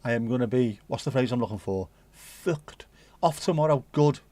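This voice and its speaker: A man with a mellow, mid-range voice talks fast in a dry recording while hosting a casual livestream. He reads viewer messages and goes on rambling, joking and swearing in British slang.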